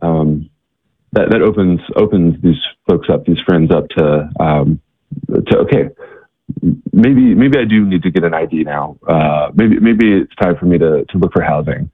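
A man talking as an interview guest, telling stories in a halting way, with many fillers and repeated words. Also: deep voice, slightly rough, no room sound. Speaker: guest, charity worker. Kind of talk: casual interview storytelling. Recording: tinny, dry phone-like line.

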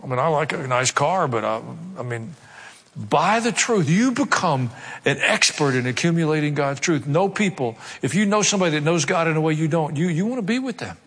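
A man's voice: a little high, expressive, a little fast, fairly bright tone, husky. Man preaching a sermon in a reverberant hall. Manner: emphatic and conversational, with repeated phrases. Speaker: pastor. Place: large church hall.

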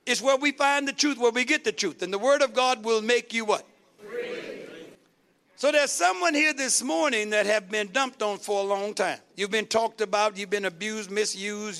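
A middle-aged male pastor preaching a sermon with call-and-response, rising to shouts. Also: high voice, normal speed.

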